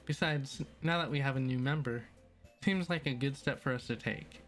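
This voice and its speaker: Man reading as a bookish shy teen girl, polite, measured, mid pitch, faint music. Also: a bit bright, natural voice.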